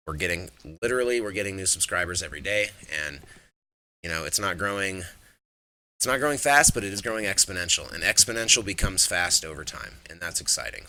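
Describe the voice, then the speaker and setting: A man's voice: low-pitched, sharp tone, a little hiss or hum, poor audio. A man hosting his own livestream talk show, ranting in a profane, heated and emphatic way. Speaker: host.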